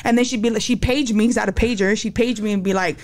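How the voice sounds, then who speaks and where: Appearing as a podcast guest, a young adult woman tells her life story in a casual interview, candid and slangy, acting out the quotes. She talks fast, with a fairly high pitch and a steady tone.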